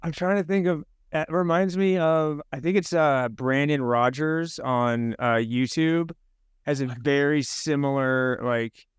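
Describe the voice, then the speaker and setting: A male podcast host with a smooth, clear voice pitched a little high, keeping the chat relaxed and encouraging. The sound is close and dry. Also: no room sound. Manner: relaxed, encouraging, quick back-channel replies. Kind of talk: casual podcast interview. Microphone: headphones and podcast mic.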